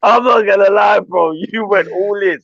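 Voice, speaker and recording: A man's voice: sits high, normal speed, vocal fry, a bit bright. A man, co-hosting a casual fan chat, joking and slangy. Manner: joking, slangy, repeats phrases. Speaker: podcast co-host. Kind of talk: casual banter. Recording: dull lo-fi sound, dry.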